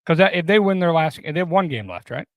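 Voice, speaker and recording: A man's voice: on the high side, animated, fast talker, no room sound. Teasing podcast man, mid voice. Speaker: podcast co-host. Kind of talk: casual podcast chat.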